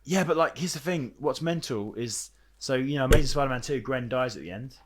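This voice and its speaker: A young man co-hosting a casual film podcast, talking in an animated, rambling way with frequent fillers and restarts. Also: mid-range voice, brisk, slight background noise. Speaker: podcast co-host.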